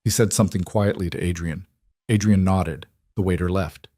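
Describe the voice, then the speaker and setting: Low-voiced calm male narrator. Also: moderate pace, no room sound. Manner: calm, even storytelling. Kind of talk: scripted narration.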